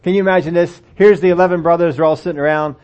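A preacher with a fairly high voice delivers a sermon, reading scripture aloud and talking it through with his listeners. He speaks conversationally and keeps asking rhetorical questions. The recording sounds dull and lo-fi. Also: steady tone, racing, darkish tone.

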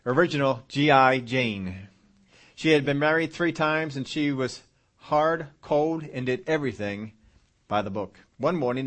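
A pastor preaching at a service, stressing points by repeating them and telling a long story. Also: male voice, mid-range voice. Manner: emphatic repetition, storytelling. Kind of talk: sermon.

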